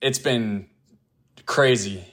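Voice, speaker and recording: Man, ballplayer guest, from Tampa, bright ringing tone, loose laughing chat, lots of fillers. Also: mid-range voice, very slow. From Tampa area, US. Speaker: pro baseball player, interview guest. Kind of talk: casual interview chat.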